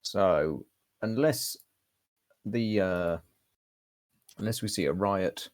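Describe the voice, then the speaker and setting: A man's voice: low-pitched, takes it slowly. A man giving casual, chatty game commentary, thinking aloud as he goes.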